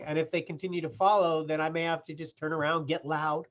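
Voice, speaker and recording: Here the California process-serving business owner talks fast and flat, his voice on the high side. He swaps casual, plain-spoken work stories in an interview, saying "you know" often, over muffled lo-fi remote audio.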